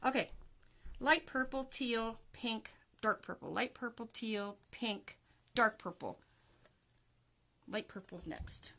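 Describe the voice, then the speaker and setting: A Canadian woman with a fairly high voice hosts a wreath-making livestream, speaking slowly and pausing often. She chats casually with live viewers while working through the craft step by step, against a noisy background.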